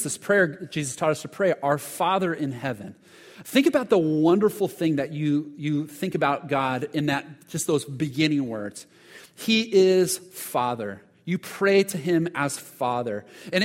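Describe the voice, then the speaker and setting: A man's voice: on the high side, in a large hall. A man preaching a sermon, telling stories earnestly with frequent restarts and repeated words. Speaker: pastor.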